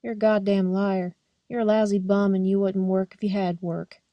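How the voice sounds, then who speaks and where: Mean cop barking insults at bums, woman reading, mellow and dry. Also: mid-range voice, little pitch movement, normal speed, no echo, close to an everyday voice. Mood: scornful. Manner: snapping, insulting. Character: harsh, contemptuous male police officer.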